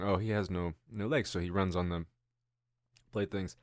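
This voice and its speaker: A man's voice: deep voice, fairly even intonation, moderate pace, long pauses, dry recording, studio quality. A man in his thirties hosting a casual news-commentary show, rambling and musing with self-deprecating asides. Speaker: host.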